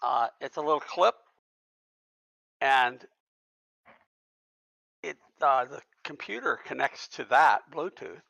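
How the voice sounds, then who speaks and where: Man, gravelly, bright, halting, muffled dry call. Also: medium pitch, expressive, no echo. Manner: halting, with fillers. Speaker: player. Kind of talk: casual chat over voice call. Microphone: headset over voice call.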